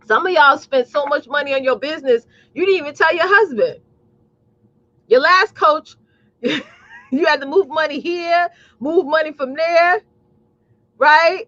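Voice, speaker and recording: A woman's voice: high voice, moderate pace, a bit bright, dry recording, highs cut off. A woman business coach hosting a live talk, blunt and sassy, calling her audience y'all and preaching about mindset. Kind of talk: live streamed motivational talk.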